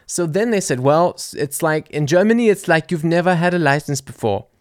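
A young American man from Louisiana, telling a story in a casual, animated way with sarcasm and plenty of fillers and restarts. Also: on the high side, brisk, no echo, clean studio sound. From Louisiana, USA. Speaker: podcast host reading listener comments.

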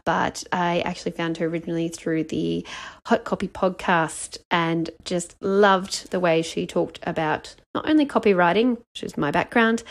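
A woman hosting a podcast interview, introducing her guest with enthusiasm. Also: fairly low pitch. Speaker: podcast host.

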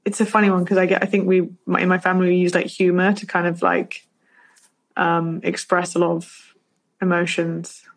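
Young British woman, interview guest, lowish voice, hesitant with filler words, dry wit. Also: level tone, moderate pace. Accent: British English. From Britain. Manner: hesitant, many fillers and restarts, dry humor. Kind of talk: casual interview conversation.

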